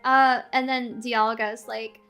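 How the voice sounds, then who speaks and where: A woman streamer in a casual live-stream rant, animated, swearing a lot and laughing often. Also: a little high, takes it slowly, clean tone, soft background music. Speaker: VTuber streamer.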